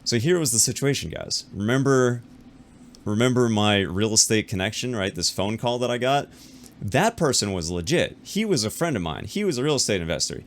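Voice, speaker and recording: A man casually telling his audience a business story to camera, talking fast with frequent repeats and restarts, and acting out the other people in the story. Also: mid-range voice, animated.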